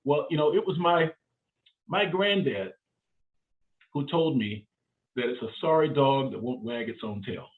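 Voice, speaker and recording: A man delivers a live career seminar with punchy, repeated phrases and plenty of energy. His voice sits a little high for a man. The sound is narrow and phone-like, as if heard down a phone line. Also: moderate pace, pauses often. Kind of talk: motivational seminar talk.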